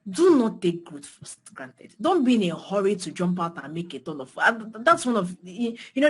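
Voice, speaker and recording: A young Nigerian woman with a Nigerian accent gives a passionate motivational talk to beginner designers, emphatic and repeating phrases, her pitch and loudness swinging widely. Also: expressive, brisk, few pauses, slight background noise. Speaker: design mentor speaking to beginners.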